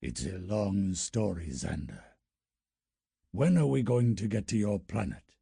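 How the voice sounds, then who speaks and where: A male narrator voicing a gloomy alien warrior who speaks in a slow, sad, gravelly growl for an audiobook. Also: sits low, animated, warm tone, no echo, studio quality, voice pushed down, exaggerated voice. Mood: brooding. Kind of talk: audiobook character voice.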